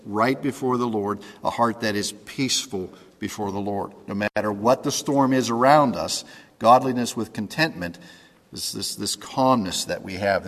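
A male pastor preaching in an easy, conversational way, stopping often to check that his listeners follow. His voice sits at an ordinary middle pitch. The sound carries a long reverb from a large hall. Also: fairly bright tone. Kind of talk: sermon.

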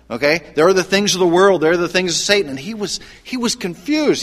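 A man's voice: high-pitched, lively intonation, quick pace, hardly any pauses, fairly bright tone. A male pastor preaching a sermon in an earnest, conversational way, often restarting his phrases. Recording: long hall reverb.

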